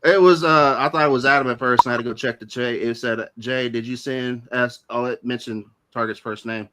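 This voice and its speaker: A man's voice: medium pitch, steady tone, fast, sharp tone. A man hosting a casual livestream show, talking loosely and with plenty of swearing. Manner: loose and profane, talks straight to the chat.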